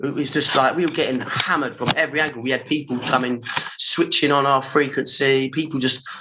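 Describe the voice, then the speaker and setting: A man in his forties with a London accent, a podcast guest telling animated, slangy stories and acting out his own reactions. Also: mid-range voice, brisk, background noise. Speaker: podcast guest, former pirate radio engineer. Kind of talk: storytelling in casual chat.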